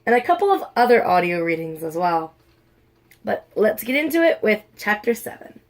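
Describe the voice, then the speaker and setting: A woman's voice: medium pitch, moderate pace. A young woman casually reading a fan-fiction story aloud, doing the characters' lines in livelier voices. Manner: reads all parts, lively quoted voices. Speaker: audiobook reader.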